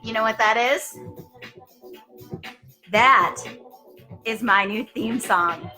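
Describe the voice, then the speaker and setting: A woman hosting a live stream, bubbly and excitable, chatting with her viewers. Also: fairly high pitch, takes it slowly. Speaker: fitness business show host. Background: faint music.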